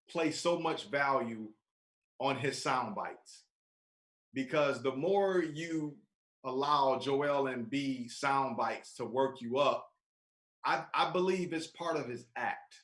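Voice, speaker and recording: A man co-hosting a casual sports podcast, speaking in a laid-back, calm and measured way. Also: medium pitch. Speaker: podcast co-host. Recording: roomy echo.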